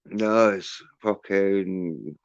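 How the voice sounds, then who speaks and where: A man's voice: deep voice, extremely slow, vocal fry, dry recording, highs cut off. A man hosting a livestream, ranting in a rambling, profane way with many fillers and restarts. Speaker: livestream host.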